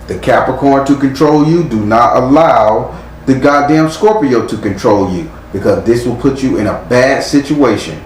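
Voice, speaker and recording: A man's voice: mid-range voice, moderate pace. A man giving a live tarot reading, speaking bluntly and sternly with frequent profanity. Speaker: tarot reader. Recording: echoey room with faint noise.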